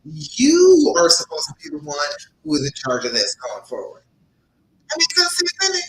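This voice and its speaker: A woman's voice: sits low, wildly swooping pitch, normal speed, roomy sound, slight background noise, low-quality recording. A woman relationship coach hosting a live-stream advice session, speaking emphatically, laughing often and calling her viewers by name.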